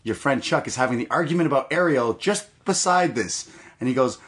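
A man's voice: medium pitch, a little fast. A man co-hosting a wrestling podcast in casual chat, telling stories with lots of laughs. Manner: animated storyteller, laughs often. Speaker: podcast co-host.

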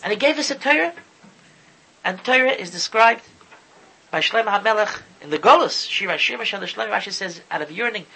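A man's voice: high voice, expressive, brisk, gravelly, sharp tone, slight background noise, low-quality recording. A man giving an impassioned sermon, often stumbling over and repeating his words as he talks. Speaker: Torah speaker. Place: lives in Israel.

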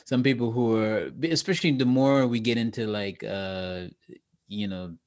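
A man with a somewhat low voice chats loosely as a podcast guest. He rambles and restarts his sentences, chuckling between thoughts. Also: normal speed, a little mellow. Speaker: guest, actor and comedian. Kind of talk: casual podcast chat.

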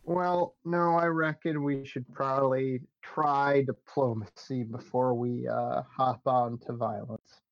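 A man's voice: medium pitch, fairly even intonation, slow, few pauses, no room sound, highs cut off. A man playing a tabletop role-playing game, rambling in character with hesitant, dry humor. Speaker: player.

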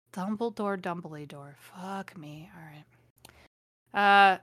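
Bright, sarcastic woman host. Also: fairly low pitch, slow pace, no echo, clean studio sound. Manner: sarcastic, exasperated asides. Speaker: host, dramatic reader. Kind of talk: comedic reading of a fan story.

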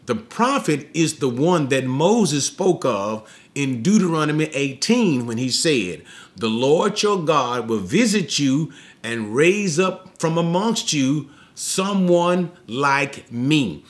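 Slow-paced man teaching scripture. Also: fairly high pitch, very animated. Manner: unhurried and explanatory, often checking in with "okay?". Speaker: Bible teacher. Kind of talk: expository Bible teaching.

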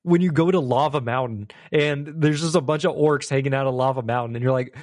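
A man's voice: medium pitch, a little fast, hardly any pauses, a little mellow. A man telling funny stories about a video game in casual chat, often laughing. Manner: storytelling, giggly.

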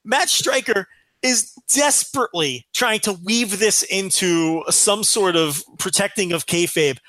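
A man's voice: high-pitched, measured pace, bright, forceful tone, dry recording. A man co-hosting a podcast, ranting in a profane, exasperated way and acting out quotes in casual chat. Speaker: podcast co-host.

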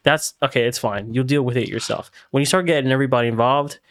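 A man's voice: mid-range voice, fast, fairly bright tone. A young man co-hosting a podcast, laid-back and streetwise, dropping slang like "bro". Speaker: podcast co-host. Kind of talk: casual chat.

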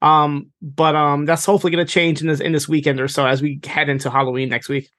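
A man's voice: on the high side, little pitch movement, fast talker, fairly bright tone, dry recording, studio quality. A man co-hosting a casual podcast, chatty and playful, often stammering as he restarts his sentences. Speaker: podcast co-host. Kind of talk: casual chat.

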